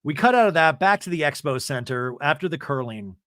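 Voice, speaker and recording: Lively, animated male podcast host. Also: on the high side, a little fast, no room sound, clean studio sound. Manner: animated, rambling, laughs often. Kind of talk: casual comedic recap commentary.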